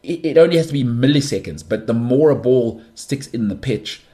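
A man from South Africa hosting a casual monologue, animated and full of banter, often restarting his sentences. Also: medium pitch, fairly quick. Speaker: podcast host.

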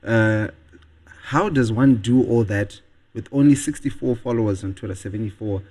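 A man's voice: on the low side, moderate pace, a little mellow. A man co-hosting a radio show, asking questions with teasing humor. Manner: teasing, joking. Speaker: radio co-host. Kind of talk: casual banter.

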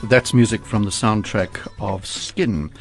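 Low-voiced male radio host. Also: slow pace, soft background music. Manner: polite, curious interviewer asking follow-up questions. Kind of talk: radio interview. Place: radio studio. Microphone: studio microphone.

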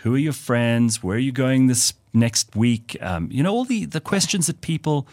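A man hosting an interview, asking long, thoughtful questions with fillers and pauses. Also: mid-range voice, animated, darkish tone, no room sound, studio quality. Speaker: interview host. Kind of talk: conversational interview.

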